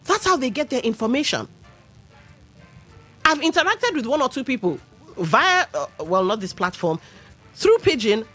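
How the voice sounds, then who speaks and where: Animated Nigerian woman radio host. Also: high voice. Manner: animated, opinionated, mixes in pidgin asides. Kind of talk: radio talk commentary. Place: radio studio.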